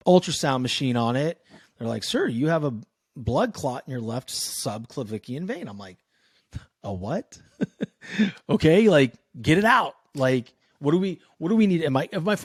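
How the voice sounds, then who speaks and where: A man from Northern California, in his thirties, telling a story as a podcast guest in a loose, profane, animated way, acting out the people in it. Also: mid-range voice, dry recording, clean studio sound. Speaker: podcast guest, sales coach. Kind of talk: casual storytelling in a podcast interview.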